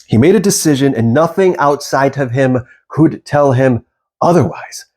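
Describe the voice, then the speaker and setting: A man, a manifestation coach, telling a story in a casual, animated monologue with frequent swearing, acting out the voices of the people in it. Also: medium pitch, moderate pace. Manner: animated, profane, acts out quoted voices.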